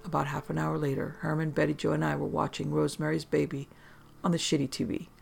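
A storyteller reading a dark comic tale in a deadpan, profane way. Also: mid-range voice, quick pace, vocal fry, husky.

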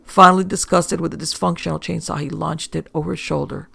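A man reading a first-person story aloud in a wry, deadpan manner. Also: on the high side, brisk, creaky, husky, dry recording. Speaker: audiobook narrator.

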